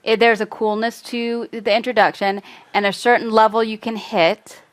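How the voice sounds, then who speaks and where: A woman's voice: on the high side, flat delivery, normal speed. A woman co-hosting a casual talk, reflecting on meeting people abroad. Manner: reflective, quoting people she met. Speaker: podcast co-host. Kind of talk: casual conversational chat.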